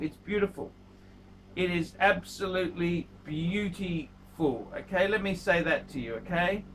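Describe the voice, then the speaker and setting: A man talks straight to the camera as the host of a watch review channel, blunt and scolding, and he repeats his points over and over. His voice sits high and bright with a hard edge. A faint hiss runs underneath. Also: a little slow, rough recording. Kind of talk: casual video review monologue.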